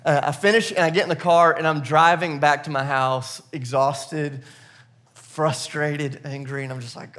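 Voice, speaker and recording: A pastor with a slightly high voice preaches at a normal pace, opening with a personal story told in a chatty, self-deprecating way. He retells it with animation and laughter before turning to scripture.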